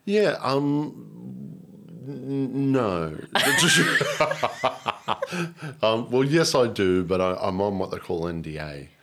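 A very deep-voiced man chats as a guest in a casual interview. He rambles loosely, cracks jokes and laughs often, with a relaxed, easygoing delivery. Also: very slow, vocal fry. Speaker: guest actor.

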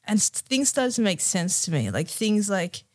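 A woman's voice: medium pitch, sing-song, moderate pace, darkish tone. Candid young woman telling her story. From Australia. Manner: candid, emotional, many fillers. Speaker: guest. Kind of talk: personal storytelling in a podcast interview.

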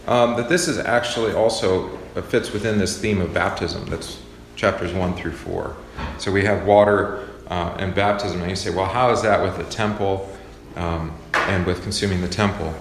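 Low-voiced man teaching a Bible class. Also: moderate pace, a little hiss or hum. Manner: relaxed and conversational, with many fillers. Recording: echoey hall with faint ambience.

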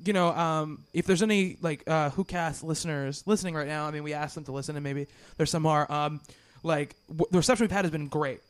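A man's voice: a little high, fairly quick, hardly any pauses, clean tone. A man hosting a podcast in casual chat, rambling with many restarts and fillers. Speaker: podcast host.

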